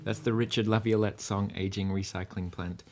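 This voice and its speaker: A man with a Lancashire English accent softened by North American sounds, chatting casually and rambling between songs as a livestream musician host. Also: lowish voice, fairly even intonation, normal speed, faint music behind. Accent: Lancashire English, partly North American. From Burnley, England. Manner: rambling and chatty, with many fillers.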